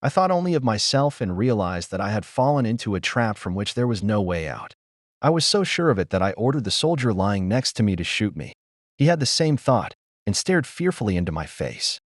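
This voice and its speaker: A man narrating a first-person war memoir in a grave, measured storytelling manner. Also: lowish voice, big pitch swings, dry recording, clean studio sound.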